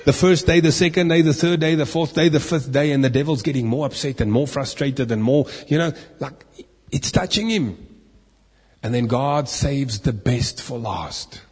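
A man gives a lively Bible lesson in a large hall, stopping to ask his listeners questions and tossing in playful asides. His voice sounds a little husky, and the sound rings with long reverb. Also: medium pitch, moderate pace, few pauses. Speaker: preacher. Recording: echoey hall.

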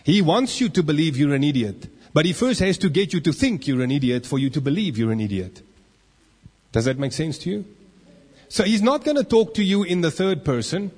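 A man preaches in a church, slipping into the inner voices of the people he describes. His voice is husky, and it rings with the long reverb of a large hall. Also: on the high side, brisk. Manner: animated, acts out inner voices. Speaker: pastor. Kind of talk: sermon.

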